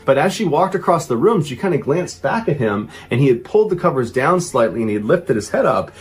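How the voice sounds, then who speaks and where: A man telling a true crime story as host, with animated, dramatic emphasis. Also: mid-range voice, husky.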